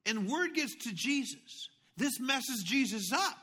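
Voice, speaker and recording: Bright-voiced animated male pastor. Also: very high voice, measured pace. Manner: animated storytelling, swinging between hushed asides and loud outbursts. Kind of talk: sermon.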